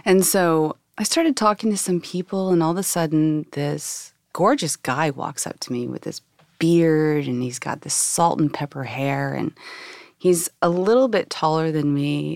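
A woman in her forties, originally from Oklahoma, tells a personal story in an animated, self-deprecating way. Her voice is very low for a woman, and the recording is close and dry. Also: unhurried, creaky, no room sound. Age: 40s. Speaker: podcast co-host.

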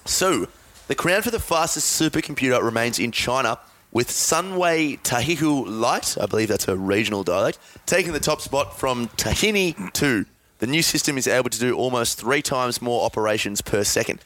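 A man's voice: mid-range voice, animated, moderate pace, a bit bright. A man hosting a podcast, reading out odd news stories and joking with his guests. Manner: joking, laughs often. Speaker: podcast host. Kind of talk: casual chat, reading out news items.

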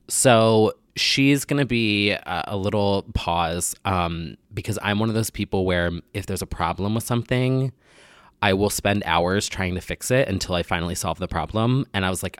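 A young man hosts a casual solo podcast, sounding slightly nasal as he gets over a sinus infection. His voice sits on the low side at normal speed with no echo, and he rambles and makes crude jokes.

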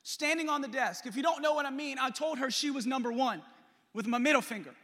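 High, bright-voiced young pastor preaching. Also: male voice, fast. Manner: animated, jokey, talks to the congregation. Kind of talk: storytelling sermon. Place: church. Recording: long hall reverb.

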